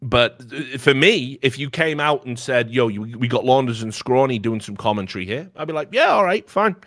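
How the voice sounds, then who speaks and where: A man's voice: mid-range voice, fairly quick, a bit bright, no room sound, studio quality. Heated, profane man ranting on a podcast. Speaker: podcast host. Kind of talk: casual opinionated chat.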